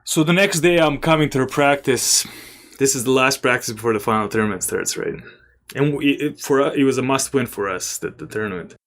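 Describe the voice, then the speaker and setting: A young man from Serbia with a Serbian accent, casually telling stories as a podcast guest, animated and swearing now and then. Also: mid-range voice, brisk. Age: young adult. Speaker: podcast guest, former college basketball player. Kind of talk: casual storytelling interview.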